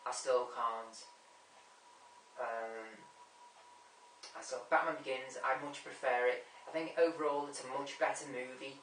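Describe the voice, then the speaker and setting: At home, a movie vlogger ranks his top ten films in a loose, rambling chat, circling back and repeating himself whenever a name escapes him. His bright voice has a sharp edge but stays fairly flat in pitch, at a normal speed. The recording is distant and echoey, with slight background noise.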